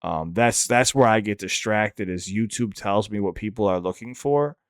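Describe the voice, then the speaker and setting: A man's voice: fairly low pitch, normal speed, smooth, no echo, clean studio sound. A man hosting a reaction channel who also raps. He gives casual, candid commentary that rambles, restarts often and swears freely. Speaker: reaction channel host and rapper.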